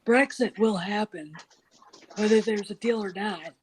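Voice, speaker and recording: A woman's voice: mid-range voice, unhurried, a little hiss or hum, low-quality recording. A woman talking emphatically and outspokenly as a guest in a casual political chat. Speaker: podcast guest.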